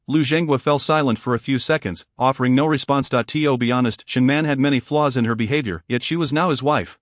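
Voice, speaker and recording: A man narrating a romance story in an even, measured reading voice. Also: medium pitch, no echo, studio quality.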